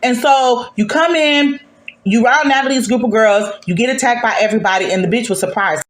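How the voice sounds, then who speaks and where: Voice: mid-range voice, brisk, fairly bright tone, roomy sound. A host giving a casual gossip recap of a reality show in a sassy, profane, emphatic way.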